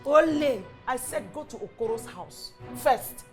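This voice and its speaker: A woman's voice: sits high, expressive, unhurried, darkish tone, soft background music. A woman with a Nigerian accent playing a domineering stepmother who scolds and gives orders. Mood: scolding. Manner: scolding, commanding. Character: harsh domineering stepmother, middle-aged.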